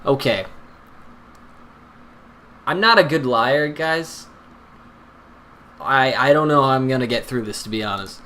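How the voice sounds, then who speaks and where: Excitable young man playing a game. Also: mid-range voice, a little slow, long pauses. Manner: excitable, nervous, self-deprecating. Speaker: gameplay commentator. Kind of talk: let's-play commentary.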